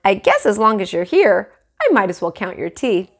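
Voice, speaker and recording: A woman's voice: medium pitch, sing-song, normal speed. Fields: a woman doing a coaxing, playful male dentist. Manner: coaxing, teasing.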